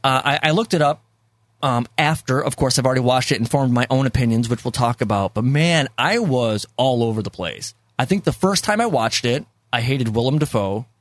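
A man's voice: medium pitch, expressive, fairly quick, no room sound. A man hosting a casual movie discussion podcast, rambling with many fillers and repeats, and laughing easily. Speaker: podcast host.

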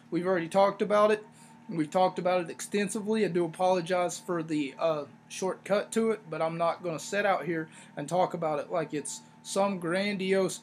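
A man hosting a wrestling review podcast, talking casually in a rambling, sarcastic way with animated asides. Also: high voice, a little hiss or hum. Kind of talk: casual solo review talk.

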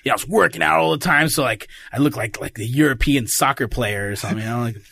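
A man's voice: medium pitch, quick pace, creaky, breathy edge, dry recording. A man, a voice actor and comedian, telling stories in casual podcast chat, full of fillers. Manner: animated storyteller, many fillers.

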